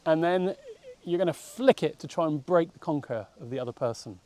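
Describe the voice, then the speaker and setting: A man speaking calmly and reassuringly in a casual vlog, then explaining a game playfully. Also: a little high, a little fast. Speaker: host. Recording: recording with noticeable background noise.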